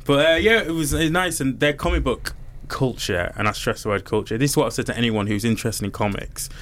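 A man casually telling his co-hosts about a trip, lively and animated as he recounts the people he met. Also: medium pitch, fast. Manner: animated storyteller, acts out the people he quotes. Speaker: podcast co-host. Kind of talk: casual chat.

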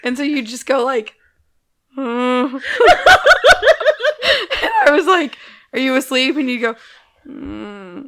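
Her voice sits high as this young woman co-hosts a podcast at a moderate pace, pausing often. She chats casually, acting out people's quotes in animated stories, with plenty of laughter.

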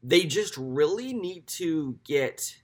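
Man, slightly high-pitched, casual sports commentator; chatty and loose, lots of ums, corrects himself as he goes. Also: lively intonation, takes it slowly. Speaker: basketball draft analyst.

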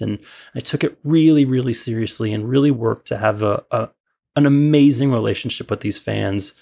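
A man's voice: medium pitch, moderate pace, creaky, mellow. A man from Illinois telling a long, rambling story as a podcast guest, full of fillers and restarts. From Illinois, USA. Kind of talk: casual storytelling.

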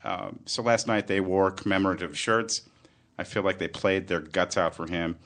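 A man's voice: low-pitched, fairly even intonation, moderate pace, fairly bright tone. A man co-hosting a podcast in casual, upbeat, joking chat. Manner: upbeat, jokey. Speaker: podcast co-host.

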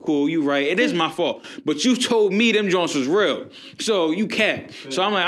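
A man's voice: sits high, normal speed. A young man on a podcast, casually telling a story about reselling sneakers and acting out the back-and-forth of the conversations. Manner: animated storyteller acting out dialogue.

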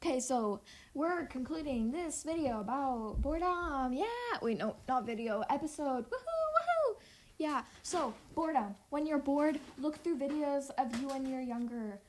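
High bubbly teen girl podcaster. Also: normal speed, slight background noise, low-quality recording. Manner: giggly, rambling, upbeat. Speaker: podcast co-host. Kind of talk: casual chat.

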